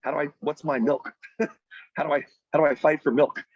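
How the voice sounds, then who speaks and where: A man leading a weekly team meeting over a video call, telling a story and giving an emphatic motivational talk that jumps to loud, high peaks. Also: fairly even intonation, moderate pace, slightly rough, no room sound, muffled recording. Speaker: team leader running a weekly sales meeting. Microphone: video call microphone.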